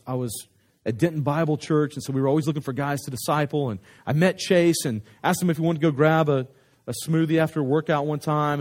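Man, pastor, sermon story, fairly high voice, animated, conversational restarts.

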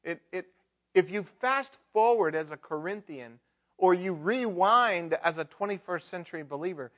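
Middle-aged male pastor mid-sermon, slightly high pitch, shifts between soft intimacy and forceful emphasis. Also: animated, normal speed. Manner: emphatic, swings between loud mock outbursts and hushed prayer. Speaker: preacher.

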